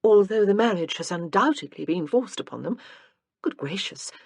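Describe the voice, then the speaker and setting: A woman voicing a thoughtful, gently wry young gentlewoman in an audiobook. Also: medium pitch, animated, moderate pace, gravelly, husky, dry recording, pitched above the performer's own voice.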